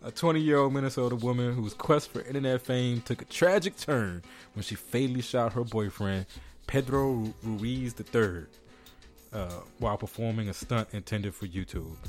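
Low-voiced man joking through news. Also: moderate pace, darkish tone, faint music behind. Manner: joking, reads news articles aloud. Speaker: podcast host. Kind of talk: casual podcast banter.

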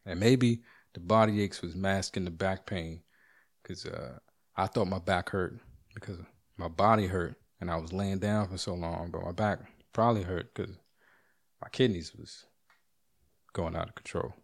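A middle-aged man recounts a story from home in a relaxed monologue, swearing and performing other people's dialogue with lots of animation. His gravelly voice sits low, and he keeps a moderate pace.

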